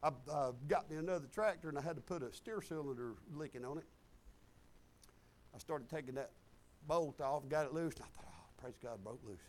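High-voiced, animated storytelling preacher. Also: male voice, brisk, pauses often. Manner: animated, exclamatory, chuckling storyteller. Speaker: pastor. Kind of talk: sermon with personal storytelling.

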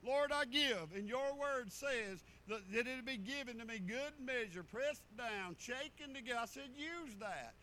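A man's voice: extremely high pitch, animated, unhurried, few pauses, sharp tone, a little hiss or hum, poor audio. A middle-aged man, a pastor preaching a sermon in a folksy storytelling way with rural turns of phrase.

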